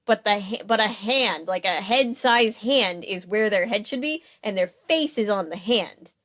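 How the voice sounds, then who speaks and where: This woman's voice is mid-range with a fairly bright tone, and her pace is a little slow. As a podcast co-host in casual conversation, she's chatty and amused, with plenty of fillers and restarts.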